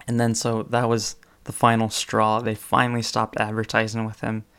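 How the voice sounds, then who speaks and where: A man's voice: lowish voice, monotone, normal speed, vocal fry, smooth. A man casually retelling funny stories in a spoken presentation, with fillers and occasional chuckles. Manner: chatty retelling with fillers, chuckles between phrases.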